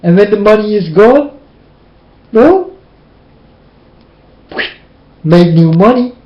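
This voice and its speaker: A man's voice: sits high, lively intonation, slow. A man delivering a preachy, scolding monologue to his listeners, with emphatic, plain and slightly non-standard phrasing. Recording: roomy, dull lo-fi recording.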